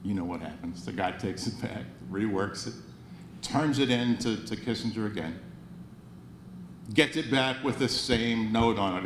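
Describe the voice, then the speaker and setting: In a large banquet hall, an unhurried man in his sixties with a fairly low voice offers a motivational speech, sincere with a wry edge. He tends to restart and repeat words, while a soft hum lingers in the background.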